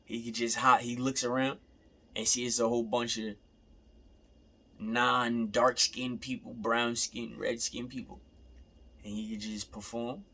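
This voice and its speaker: A man's voice: mid-range voice, little pitch movement, unhurried, long pauses, pushed and bright. A young man in a casual, rambling rant, repeating himself and swearing freely. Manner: rambling, repeats himself, profane, laughing asides.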